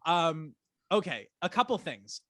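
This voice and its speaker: A man's voice: on the high side, a little slow, dry recording. A man co-hosting a casual rewatch podcast, ranting with energy and swearing often. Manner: animated ranting, swears a lot. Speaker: podcast co-host.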